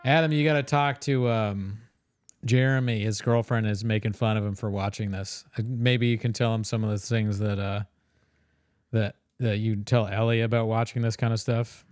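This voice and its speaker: A man's voice: on the low side, fairly even intonation, moderate pace, a little mellow, dry recording, studio quality. A man co-hosting a casual livestream, joking crudely and laughing often as he reacts to clips.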